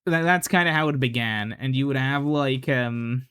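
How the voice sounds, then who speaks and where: A man's voice: medium pitch, normal speed, a bit bright, clear, resonant tone, no echo. A man casually commenting while he plays a game, rambling with lots of fillers and the odd swear. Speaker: gaming channel host.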